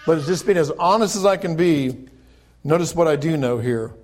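A man's voice: fairly high pitch, expressive. A male pastor preaching a sermon, reading scripture aloud and then explaining it in conversational asides. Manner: rises to loud, slow, emphatic preaching when reading scripture; conversational asides between quoted verses.

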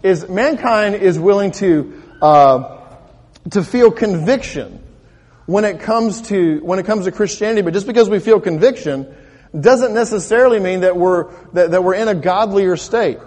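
Pastor, male, high-pitched, casual sermon style full of rhetorical questions, church reverb. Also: normal speed, a little mellow. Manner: conversational preaching with rhetorical questions and repetitions. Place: church sanctuary. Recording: long reverb of a church hall.

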